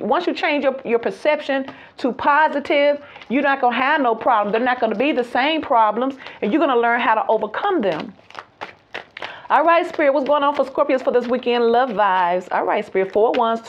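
Brief: high-voiced woman tarot reader, lively and giggly, sings out words, lo-fi sound. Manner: animated, laughs often, sings out phrases. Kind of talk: live tarot reading.

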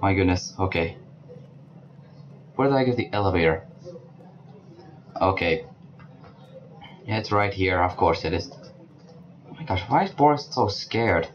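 A man giving let's play commentary, talking to the game characters and breaking into panicked shouts. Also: deep voice, animated, measured pace, long pauses, lo-fi sound. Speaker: gaming channel host. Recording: clear background noise.

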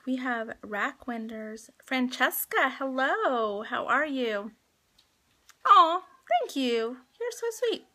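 Woman, 30s, live-stream host at home on a handheld phone: slightly high, bright and forceful, chatty, laughs a lot, heavy on fillers. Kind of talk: casual live-stream chat. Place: at home indoors.

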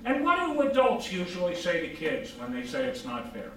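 A man giving an informal psychology lecture, animated, asking rhetorical questions and answering them himself. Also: sits high, moderate pace. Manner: acts out quoted dialogue. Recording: very echoey room from far off.

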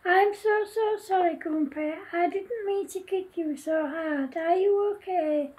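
A woman's voice: very high-pitched, a little slow, a little mellow. A woman voicing a cheeky schoolboy who teases his friend bluntly. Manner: joshing, blunt.

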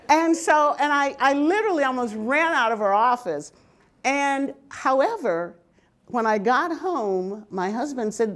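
Lively older woman telling stories unhurriedly. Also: a little high. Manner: animated, laughs often. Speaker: speaker. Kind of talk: personal storytelling talk.

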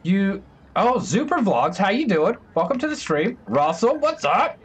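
A man streaming a video game live, talking to his chat in an excitable, joking, chatty way. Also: high voice, unhurried, husky. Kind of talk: live gameplay commentary.

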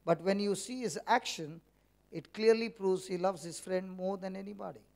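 A man's voice: high voice, steady tone, moderate pace, vocal fry, a little mellow. A man preaching a conversational sermon to a church meeting, teasing the congregation with questions.

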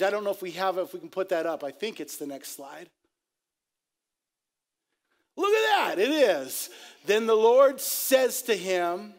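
A middle-aged man, a pastor, preaching a sermon and telling stories in an animated, jokey way, laughing at his own tales. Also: high voice, moderate pace. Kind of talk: sermon with storytelling.

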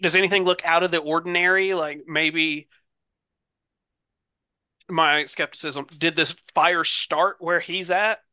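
A man's voice: a little high, steady tone, unhurried, long pauses, pushed and bright, clean tone, no room sound. A man playing in a tabletop role-playing game, thinking aloud with many ums and likes. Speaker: player. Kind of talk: casual tabletop role-play.

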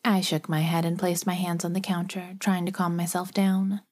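Low-pitched female narrator for first-person audiobook, steady storytelling. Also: moderate pace.

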